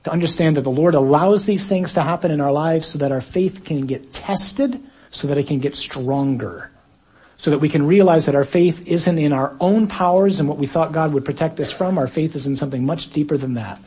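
A man preaching a reflective sermon at an evening gathering, swinging between quiet musing and dramatic loud bursts. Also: on the high side, brisk, husky.

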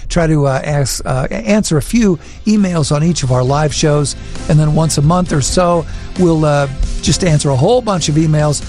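A man's voice: a little high, normal speed, darkish tone, faint music behind. A man hosting a talk program, reading emails and wrapping up the show in an easygoing, friendly way. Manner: friendly, easygoing host patter. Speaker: show host.

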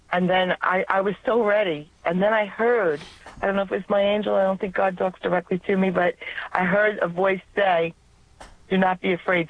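A woman caller with a New York accent, earnestly telling a personal faith story and often restarting her words. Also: mid-range voice. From Long Island, New York. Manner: earnest, halting, restarts mid-word. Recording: tinny phone line.

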